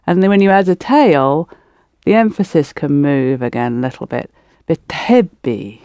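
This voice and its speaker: A woman's voice: low-pitched, dark tone, no echo, clean studio sound. A woman teaching a spoken language course, explaining pronunciation step by step and prompting learners to repeat. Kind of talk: patient spoken-method language lesson.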